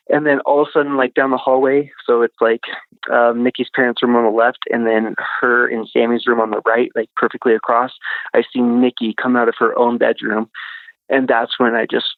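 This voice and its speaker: A man's voice: medium pitch, little pitch movement, a little fast, no room sound. A man recounting a childhood experience as a podcast guest, rambling with lots of fillers over a tinny phone line. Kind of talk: casual storytelling.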